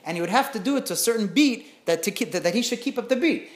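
A woman teaching through a story in an animated way, often checking in with her listeners. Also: mid-range voice, quick pace. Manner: animated, often asks "right?". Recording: roomy echo.

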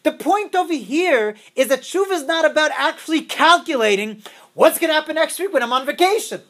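A woman's voice: high voice, expressive, a little fast, fairly bright tone. A woman teaching a religious class, quizzing her students and repeating her key phrases over and over.

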